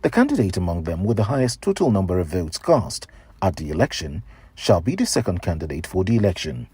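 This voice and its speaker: Deep-voiced news reader. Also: male voice, a little mellow. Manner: formal, measured legal reading. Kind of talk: read news report.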